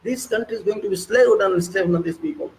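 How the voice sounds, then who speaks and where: This high, brisk male voice belongs to a political commentator with an Indian accent, caught on a low-quality recording with slight background noise. He delivers an impassioned, ranting monologue, excitable and hammering his points through heavy repetition.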